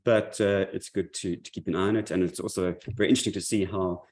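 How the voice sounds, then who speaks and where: A man's voice: low-pitched, fairly even intonation, fast talker, a little mellow. A man giving a monthly market update, speaking loosely with many fillers and restarts. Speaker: market commentary presenter.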